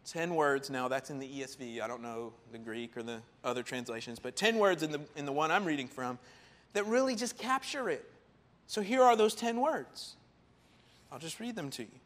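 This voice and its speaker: A man preaching with a high, lifted voice that rises and falls as he presses a point. He talks animatedly and with emphasis, slipping into quoted lines with extra punch. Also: animated, normal speed. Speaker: pastor. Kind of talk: sermon.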